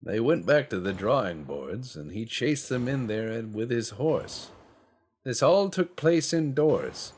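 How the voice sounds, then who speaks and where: A man's voice: mid-range voice, animated, unhurried, a little mellow, breathy edge, voice pushed up. A man voicing a pompous male history documentary narrator in a mock-serious, declaiming manner. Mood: mock-grave.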